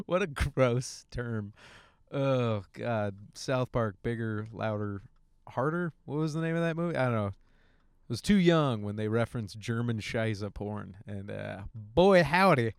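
A man's voice: mid-range voice, expressive, unhurried, smooth, no room sound, studio quality. A young man hosting a casual podcast alone, telling a crude story with many jokes and laughs while driving. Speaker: podcast host. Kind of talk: casual solo rant. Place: in a car, driving.

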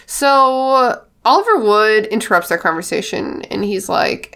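A woman's voice: medium pitch, a little slow. A woman co-hosting a podcast in casual chat, laughing often and telling stories with lots of energy. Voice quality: laughs often, animated storytelling. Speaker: podcast co-host.

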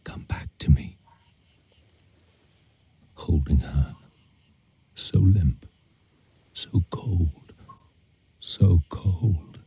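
Give me a bitter old former magician, slow and very low, drifting into whispers. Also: male voice, gravelly, heavily acted. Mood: grieving. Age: older. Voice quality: hushed, breaking into whispers. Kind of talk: animated series drama.

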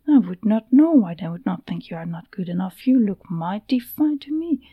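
A woman's voice: mid-range voice, expressive, moderate pace, husky, no room sound, phone-quality sound. A woman doing a pushy, teasing young woman. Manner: chatty, talks over others, teasing.

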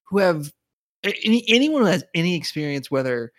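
A man's voice: high-pitched, sing-song, brisk, fairly bright tone, no room sound, studio quality. A man co-hosting a podcast, thinking aloud in casual discussion and often restarting as he searches for the right words. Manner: thoughtful, hesitant, restarts while searching for words. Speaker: podcast co-host.

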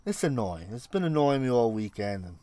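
A man from Puerto Rico co-hosting a podcast, telling stories in a loose, profane, animated way. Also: medium pitch, a little fast. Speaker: podcast co-host. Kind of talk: casual chat.

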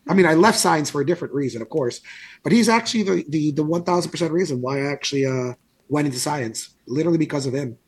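Podcast co-host, man in his thirties, slightly husky and higher-pitched, lively anecdotal chatter. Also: fast talker. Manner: animated storyteller, laughs often. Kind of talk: casual chat.

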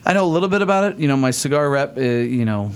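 A man's voice: mid-range voice, expressive, fast talker, background noise. A man hosting a podcast, chatting casually, teasing his guest and swearing freely. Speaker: podcast host. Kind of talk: casual chat.

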